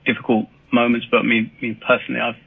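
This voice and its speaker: A man's voice: medium pitch, monotone, quick pace, dry recording. A man from Britain, a manga artist guest on a podcast, talking casually in a rambling, hesitant way with many fillers and restarts, heard over a remote call. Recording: husky voice over a tinny phone-like call line.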